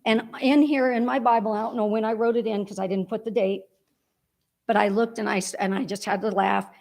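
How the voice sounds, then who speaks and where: A woman's voice: medium pitch, steady tone, brisk, vocal fry, a little mellow. A woman giving a heartfelt, rambling eulogy for her father at a church memorial service.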